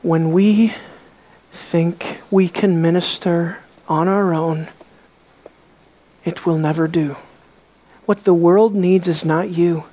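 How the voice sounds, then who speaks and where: A woman preaching a sermon. She asks the congregation rhetorical questions and swings between soft, low asides and raised exclamations. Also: steady tone, takes it slowly, pauses often.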